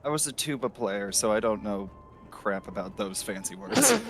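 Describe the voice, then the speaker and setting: A man's voice: lowish voice, sing-song, moderate pace, gravelly, a bit bright, faint music behind. A man chatting in a casual group read-through, giggly and self-deprecating. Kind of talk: casual game commentary with friends.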